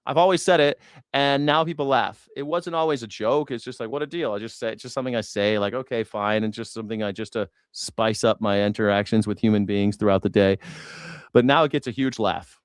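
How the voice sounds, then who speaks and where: A man's voice: lowish voice, brisk, smooth, no echo, studio quality. A man hosting a news reaction show, chatting casually in a rambling, profane, sarcastic way. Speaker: host.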